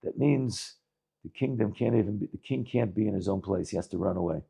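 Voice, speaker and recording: A rabbi giving a talk, telling a story in animated English sprinkled with Yiddish words and frequent restarts. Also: male voice, fairly low pitch, a little fast, creaky, husky.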